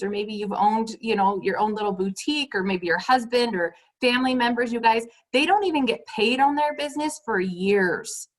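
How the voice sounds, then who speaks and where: Woman team leader pumping up her sales team, voice a bit high, hammers the same points again and again. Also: low-quality recording. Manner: emphatic, repeats points, keeps saying "you guys". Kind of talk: motivational team call.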